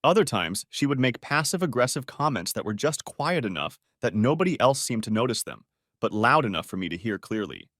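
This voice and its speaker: A man narrating a scripted first-person story in a steady, expressive way. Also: medium pitch, brisk, no echo, studio quality.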